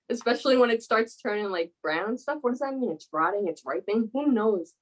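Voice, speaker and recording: Young adult woman, podcast co-host, high-pitched, giggly, playful. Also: expressive. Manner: giggly, playful, drawn-out delivery. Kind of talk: casual podcast chat.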